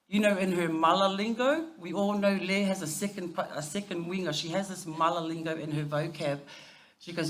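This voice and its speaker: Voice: mid-range voice, moderate pace, a bit bright. A family member giving a eulogy at a funeral service, telling stories and mixing English with Samoan phrases. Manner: anecdotal, laughing through stories.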